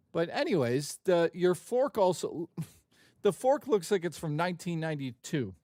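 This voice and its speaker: A man's voice: a little high, big pitch swings, measured pace, no room sound, clean studio sound. A man casually chatting and joking on his live stream, loose and profane.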